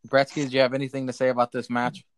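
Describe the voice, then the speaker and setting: A man's voice: medium pitch, completely flat delivery. A man hosting a casual wrestling podcast, recapping segments and handing off to co-hosts. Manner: brisk, moves the rundown along. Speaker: podcast host running the segments. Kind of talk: casual chat, recapping a show.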